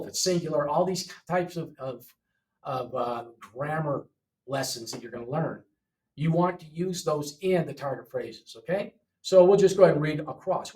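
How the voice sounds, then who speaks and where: A man's voice: fairly high pitch, darkish tone, recorded from a distance. A man teaching an English lesson. He repeats each word for learners and often checks in with "okay?". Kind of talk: classroom lesson walkthrough.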